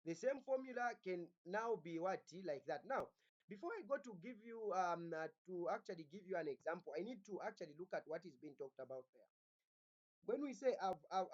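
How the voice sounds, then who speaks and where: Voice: medium pitch, a little mellow. A teacher giving a recorded phonology lecture, often asking the class "what?" and repeating words while restarting sentences. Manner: keeps asking the class "what?" and "Are we together?". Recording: dull lo-fi recording.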